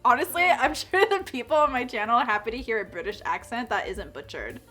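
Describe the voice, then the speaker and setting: A woman's voice: a little high, expressive, brisk, sharp tone, soft background music. A woman hosting a casual chat, blunt and opinionated, swearing now and then. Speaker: host.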